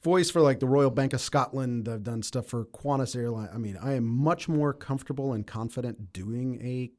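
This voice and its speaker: A man's voice: mid-range voice, normal speed, a little mellow. A man, a professional voiceover actor, chatting casually as an interview guest in a conversational, self-deprecating way.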